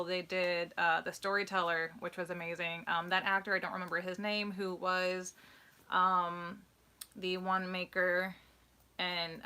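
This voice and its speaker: A woman co-hosts a live question-and-answer stream in a loose, rambling way, full of fillers and false starts. Her voice is bright and forward and sits slightly low. She sounds emotional and earnest as she talks. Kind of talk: casual live Q&A chat.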